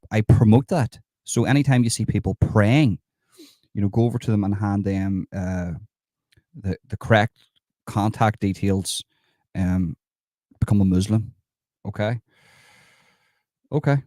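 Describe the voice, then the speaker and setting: A man giving sarcastic live commentary over video clips, mock-approving and breaking into excitable outbursts. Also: fairly low pitch, no room sound, studio quality. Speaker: satirical commentator.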